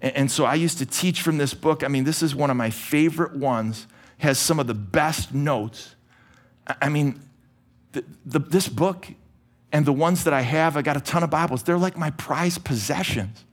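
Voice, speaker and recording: A middle-aged pastor preaches from a church stage in a somewhat high-pitched voice. He talks energetically and casually, often restarting his words as he pushes his points. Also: normal speed. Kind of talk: sermon.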